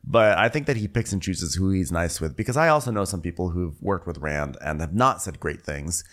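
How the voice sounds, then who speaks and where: Lower-voiced man in wry podcast chat. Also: expressive, fairly quick, fairly bright tone. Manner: chatty, wry, uses "like" a lot. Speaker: podcast co-host. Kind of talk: casual comedic recap chat.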